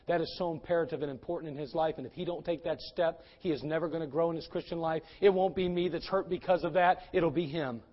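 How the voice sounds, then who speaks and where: High-voiced preacher, loud then hushed. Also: male voice, long reverb tail, highs cut off. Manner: swings between loud urgent exhortation and hushed pleading. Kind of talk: sermon.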